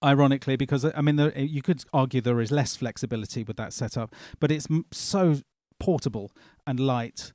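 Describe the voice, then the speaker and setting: A man talks through his synth setup in a relaxed, rambling way, with plenty of ums. His voice is mid-pitched and recorded close and dry, with no room echo. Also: fairly quick, hardly any pauses. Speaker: band member. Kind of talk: casual chat on a livestream.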